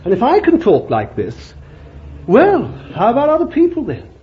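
Man preaching, fervent sermon, high-pitched, dull lo-fi recording. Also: huge pitch swings, moderate pace, a little hiss or hum. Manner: fervent, emphatic, reading scripture aloud.

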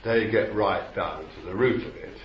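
A male preacher giving a rambling sermon, repeating words and rising to sudden shouts. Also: deep voice, moderate pace. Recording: roomy, dull, slightly noisy old recording.

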